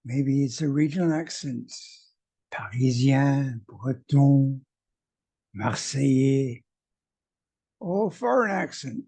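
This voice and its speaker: A male English teacher presenting a video lesson at a slow, deliberate pace. His voice is mellow and a little husky, and his manner is wry. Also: medium pitch, expressive.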